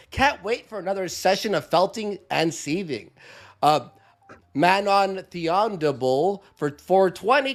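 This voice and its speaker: A man's voice: high voice, vocal fry. A man co-hosting a live stream, reading out donation messages in a casual, joking way with laughs and fillers. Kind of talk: casual livestream chat.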